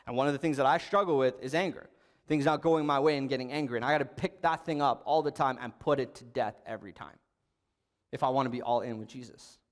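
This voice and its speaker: In a large hall, a young adult youth pastor gives a sermon in a fairly high voice. He tells a story conversationally, with occasional bursts of emphasis.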